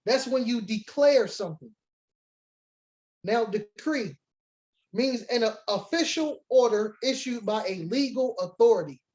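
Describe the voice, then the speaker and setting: On a low-quality recording, a man with a very high, somewhat dark voice speaks animatedly at a measured pace. He's teaching a congregation a sermon-style Bible lesson, reading scripture aloud, defining words, and moving between emphatic preaching and casual remarks.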